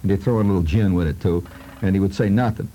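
A man's voice: low-pitched, fast talker, dark tone, dull audio, slight background noise. A man telling a humorous childhood story in a rambling, conversational way with asides to his listeners.

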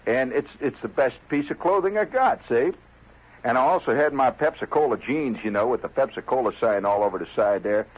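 A man's voice: medium pitch, lively intonation, a little fast, breathy edge, lo-fi sound. A man telling a rambling comic story in a folksy, digressive way. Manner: folksy, digressive, lots of "see?" and "you know". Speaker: comedian.

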